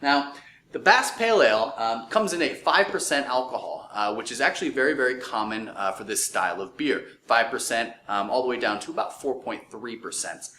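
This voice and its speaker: Bright-voiced young man explaining, echoey. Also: mid-range voice, lively intonation, fairly quick. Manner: explanatory, many fillers like um and uh. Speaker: co-host. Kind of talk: casual educational chat. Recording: echoey room with faint noise.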